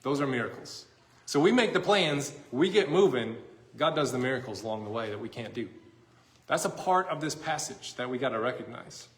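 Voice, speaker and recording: A man's voice: medium pitch, lively intonation, a little fast. A middle-aged man, a pastor, giving a sermon in a conversational storytelling way that pokes fun at himself. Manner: conversational storytelling, self-deprecating. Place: church sanctuary. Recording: echoey church room.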